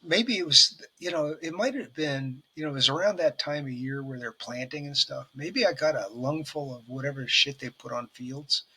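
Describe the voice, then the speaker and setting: A man with a very bright, forceful tone and a husky edge tells loose, rambling stories in casual chat. He swears offhandedly and laughs along with his own jokes. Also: medium pitch, moderate pace, few pauses. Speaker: podcast co-host.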